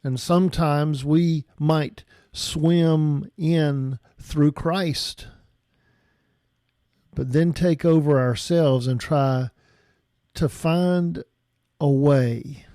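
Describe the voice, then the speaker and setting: Male pastor, reflective sermon, unhurried delivery, dry close-mic sound. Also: on the high side, dark tone, no echo. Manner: slow and reflective, with frequent restarts.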